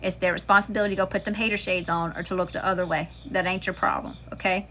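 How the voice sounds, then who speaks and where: A woman with a Southern US accent, a tarot reader hosting a livestream, moving between chatty, folksy talk with viewers and a calm guided meditation. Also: fairly low pitch, quick pace, slight background noise. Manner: folksy, chatty, says y'all often.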